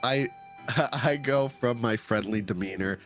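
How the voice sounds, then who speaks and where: A man's voice: medium pitch, measured pace, a bit bright, faint music behind. A man playing a tabletop game, laid-back and dry. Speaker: player. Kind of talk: casual tabletop play.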